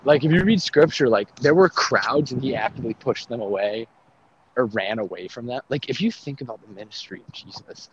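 Brisk and expressive at a medium pitch, a young man discusses faith in casual conversation outdoors by traffic. His talk is animated and full of fillers and laughs, and the recording is dull and lo-fi with traffic faintly audible.

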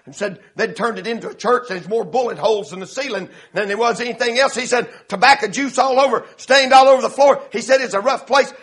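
A male preacher telling a story in a sermon, swelling into shouts and laughter. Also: high-pitched, brisk, few pauses.

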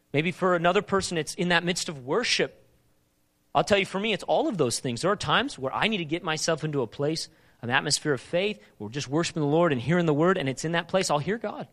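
In a slightly high voice, a man delivers a sermon as a pastor, repeating emphatic questions and moving from loud urgency to calmer reflection.

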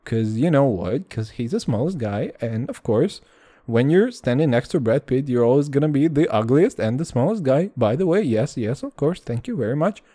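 A man's voice: medium pitch, moderate pace, no echo, studio quality. Profane, rambling casual male vlogger. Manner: profane, animated, repeats "dude" and "all right".

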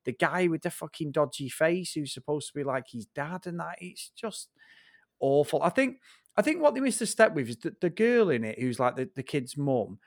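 A man's voice: fairly high pitch, animated, moderate pace, no echo, studio quality. A man co-hosting a casual film review podcast, blunt and sweary as he rants about a bad movie. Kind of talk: casual chat.

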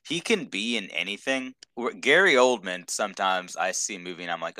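Deep-voiced man chatting about movies. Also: expressive, fairly quick, bright, forceful tone, no room sound. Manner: enthusiastic, rambling with many fillers. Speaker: podcast co-host. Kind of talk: casual chat.

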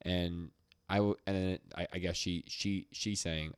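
A man with a very deep voice casually recaps a story on a podcast, stopping and restarting his sentences. The recording is dry and close. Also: level tone, clear, resonant tone, no echo. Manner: halting retelling with restarts. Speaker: podcast co-host.

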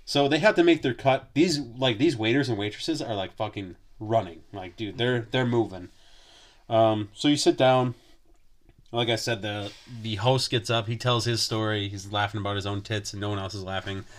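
A man's voice: lowish voice, steady tone, moderate pace. Profane, rambling man telling a story. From Wisconsin. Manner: profane, rambling, lots of filler words. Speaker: podcast host. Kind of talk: casual storytelling chat.

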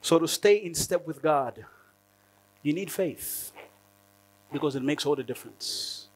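High male preacher, lively delivery, laughs a lot, acts out prayers in a sermon. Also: measured pace. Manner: animated, laughing often, acting out prayers.

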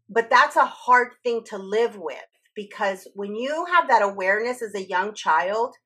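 A woman's voice: mid-range voice, a bit bright. A woman telling a personal story in a candid conversational podcast, swearing freely and acting out quoted dialogue.

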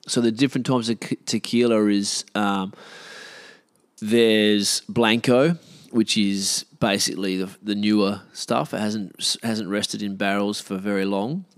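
A man with an Australian accent, talking casually in a rambling, self-deprecating way with many fillers and restarts. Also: lowish voice. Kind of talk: casual monologue.

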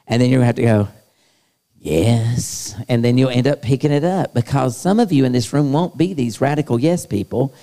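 Man, youth preacher, animated, acts out quotes, mid pitch, long hall echo. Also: fast, hardly any pauses. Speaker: youth pastor. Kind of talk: sermon. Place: large hall at a youth conference.

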